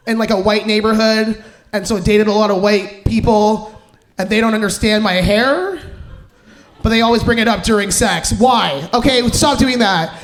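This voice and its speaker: A woman performing a live stand-up comedy set, animated and profane, acting out the men she has dated. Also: a little high. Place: cinema stage before a live audience.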